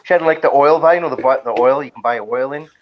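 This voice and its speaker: A man's voice: medium pitch, quick pace, dull audio, a little hiss or hum. A man as a podcast guest, chatting casually and swearing in a laid-back way.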